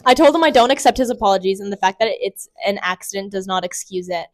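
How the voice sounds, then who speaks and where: A woman's voice: mid-range voice, lively intonation, quick pace, no room sound. A young woman co-hosting a podcast, chatting casually and reading a story aloud, often breaking into giggles. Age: young adult. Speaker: podcast co-host.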